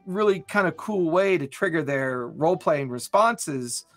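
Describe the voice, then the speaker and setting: Brief: male co-host, casual and enthusiastic, higher-set voice. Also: lively intonation, unhurried, a bit bright, faint music behind. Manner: rambling, enthusiastic, many restarts. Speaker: podcast host. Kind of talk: casual chat.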